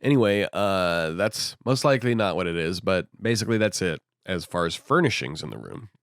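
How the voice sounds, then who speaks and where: Low-voiced, irreverent, sardonic man retelling a book. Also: animated, a little fast, no room sound, clean studio sound. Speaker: host, book reviewer. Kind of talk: casual profane book retelling.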